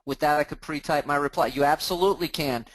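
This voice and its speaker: A man hosting a live training, talking casually as he clicks through software on his screen and restarting words now and then. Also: fairly high pitch, fast talker, rough recording. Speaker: host of a mortgage training group.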